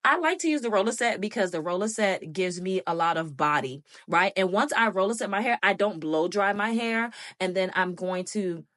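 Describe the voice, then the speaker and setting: A woman's voice: mid-range voice, animated, moderate pace, few pauses, fairly bright tone, no echo, clean studio sound. A middle-aged woman, talking viewers through a casual hair and makeup tutorial with playful sound effects. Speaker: beauty vlogger.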